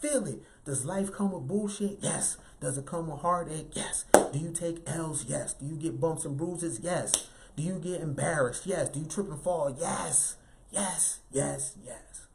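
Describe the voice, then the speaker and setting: A man giving an animated, emphatic motivational talk in a light, youthful voice, often tagging lines with "right?". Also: on the high side, measured pace, vocal fry, noisy background. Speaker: motivational speaker.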